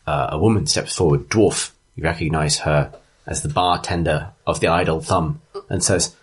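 A man's voice: very deep voice, moderate pace, husky. A man narrating a tabletop game as game master, chatty and correcting his own wording as he goes.

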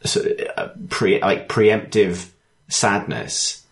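Man, low voice, rambling, lots of fillers, casual podcast chat. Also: takes it slowly, gravelly. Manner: rambling, searches for words with many fillers. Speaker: podcast co-host. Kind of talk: casual chat about games.

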